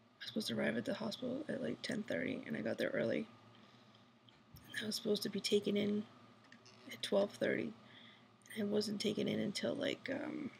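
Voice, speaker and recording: A woman's voice: medium pitch, gravelly, slight background noise. A woman whispering a rambling video diary at night from a hospital room, full of fillers. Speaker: vlogger. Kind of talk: hushed personal video diary.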